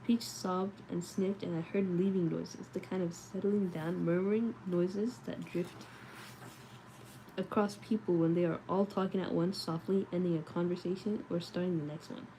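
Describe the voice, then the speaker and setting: Woman, lowish voice, late-night read-aloud streamer, sleepy and chatty, faint hum behind. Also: steady tone, moderate pace, mellow, poor audio. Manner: sleepy, chatty, answers chat comments.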